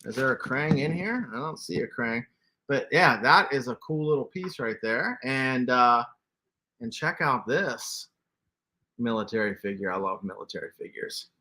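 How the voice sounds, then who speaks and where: A man's voice: mid-range voice, animated, normal speed, sharp tone. Chatty man in his forties. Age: 40s. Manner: chatty, laughs often, reads chat aloud. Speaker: toy collector livestream host. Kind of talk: casual livestream chat.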